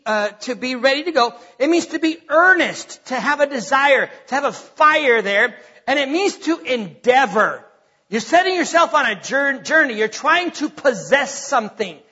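A man's voice: very high-pitched, sharp tone, big-room sound, dull audio. A man preaching a sermon as pastor, emphatic and teacherly, stressing single words and often asking his congregation questions. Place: church sanctuary.

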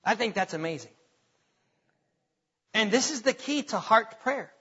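A man's voice: high-pitched, animated, unhurried, pushed and bright, slightly rough. A man preaching a sermon, speaking emphatically, repeating words as he builds points and quoting scripture. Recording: long hall reverb, dull lo-fi sound.

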